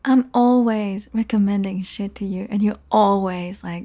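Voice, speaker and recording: A woman's voice: medium pitch, a little slow, mellow. A young woman in a casual audio role-play, talking straight to the listener, teasing and swearing freely and often dropping into a whisper.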